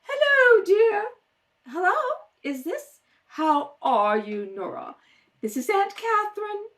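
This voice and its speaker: A woman's voice: extremely high pitch, sing-song, takes it slowly, fairly bright tone, heavily acted. A woman voicing a domineering older aunt in a rehearsal of a radio play, read at a kitchen table. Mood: bossy, falsely sweet. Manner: curt and commanding.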